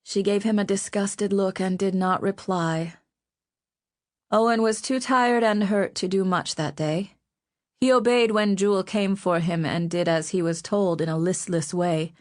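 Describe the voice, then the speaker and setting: A woman reading an audiobook in a measured, steady storytelling manner. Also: mid-range voice. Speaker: audiobook narrator. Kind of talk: scripted audiobook narration.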